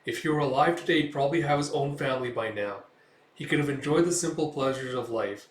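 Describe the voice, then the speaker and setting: A man's voice: medium pitch, quick pace, lightly acted. A man voicing a jolly older male priest, hearty and talkative. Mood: earnest. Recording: echoey room, distant mic.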